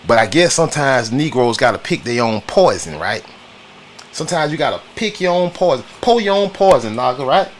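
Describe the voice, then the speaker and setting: With a medium-pitched, lively voice and a fairly quick delivery, this U.S. host runs a laid-back political stream. There's a faint hiss or hum, and he leans on slang, circles back to the same points, and stops often to say hi to chatters.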